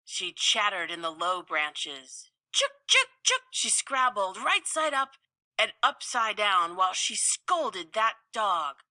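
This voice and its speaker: Slow, lively storytelling woman. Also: medium pitch, no room sound, clean studio sound. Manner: slow, expressive, playful delivery. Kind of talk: storybook read-aloud.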